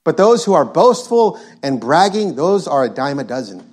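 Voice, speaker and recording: A man's voice: fairly high pitch, big pitch swings, normal speed, a little mellow. A male preacher delivering an emphatic sermon, reading scripture and driving points home by repeating them. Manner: emphatic, repetitive, quotes scripture.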